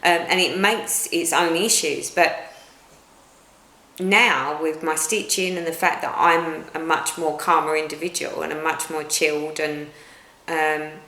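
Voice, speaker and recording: A middle-aged British woman from the United Kingdom, a cross-stitch vlogger, chats casually at home, rambling with many restarts. Her low voice is steady, unhurried, bright and forceful, and the recording has a roomy echo.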